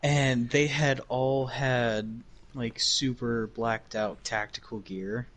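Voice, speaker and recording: Male gaming buddy, slow, unhurried delivery, dry teasing humor, mid-pitched voice. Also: steady tone, fairly bright tone. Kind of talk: casual chat while gaming.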